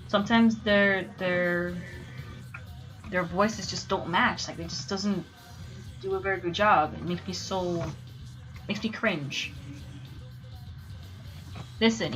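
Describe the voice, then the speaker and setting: A young woman streamer in casual chat, animated and swearing as she rants. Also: fairly low pitch, slow, pauses often, soft background music, rough recording.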